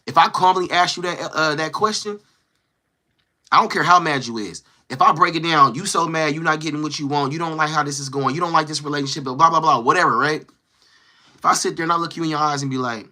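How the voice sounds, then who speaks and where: A man hosting a casual livestream, talking to his chat in a slangy, animated way and acting out quoted lines. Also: a little high, fast. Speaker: livestream host. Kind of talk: casual livestream chat, reading viewer comments.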